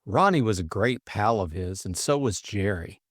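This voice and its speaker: A man's voice: on the low side, expressive, moderate pace, no room sound, clean studio sound. A man voicing a breezy, chummy young upper-class Englishman in an audiobook drama, talking in a chatty, confiding way. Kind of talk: audiobook character voice.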